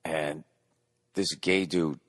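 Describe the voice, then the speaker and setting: A man's voice: very deep voice, steady tone, very slow, fairly bright tone, no room sound, clean studio sound. A middle-aged man hosting a solo podcast, rambling in a profane, sarcastic rant. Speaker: podcast host.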